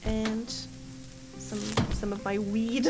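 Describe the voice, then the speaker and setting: This is a female streamer's laid-back commentary on her game: she chats, thinks aloud, and giggles a lot. She speaks slowly, her fairly high voice holding a fairly even intonation, with game music clear beneath her.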